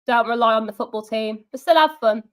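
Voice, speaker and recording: Young woman, high voice, sarcastic live-stream football fan host. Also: a little fast. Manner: sarcastic, chatty, reads out viewer comments. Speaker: fan channel watch-along host. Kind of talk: live match watch-along chat.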